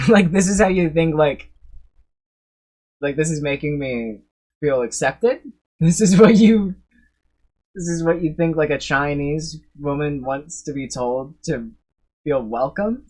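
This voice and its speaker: A man's voice: fairly high pitch, measured pace, a little mellow, breathy edge. Rambling, swearing male streamer. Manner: rambling, swears freely, laughs often. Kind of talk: live reaction commentary.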